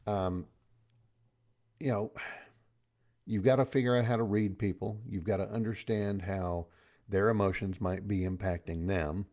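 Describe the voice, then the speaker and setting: A man's voice: lowish voice, fairly even intonation, measured pace, pauses often, darkish tone. A middle-aged man giving a casual motivational talk as host, chatty and folksy, with pop-culture asides.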